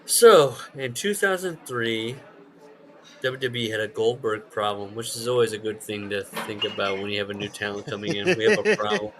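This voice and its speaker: A man co-hosting a podcast in casual chat, telling stories with swearing and loud, mimicked shouts. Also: lowish voice, moderate pace. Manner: animated storyteller, swears, shouts out quoted voices. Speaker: podcast co-host.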